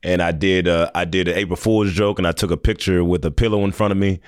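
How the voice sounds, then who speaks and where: A man's voice: low voice, steady tone, fast talker, clean tone. A man, a stand-up comedian, chatting loosely as a guest and rambling through stories with laughs. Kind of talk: casual podcast chat.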